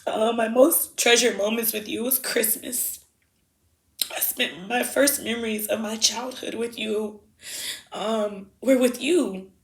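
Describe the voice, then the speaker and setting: A woman speaking heartfelt farewell letters, halting and emotional, with soft pauses. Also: a little high, steady tone. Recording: roomy echo.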